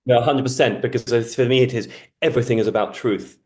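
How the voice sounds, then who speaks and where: A man's voice: mid-range voice, steady tone, fast, a little mellow. A man from Britain, an astrologer talking in an earnest, reflective, teaching way. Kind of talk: casual conversation.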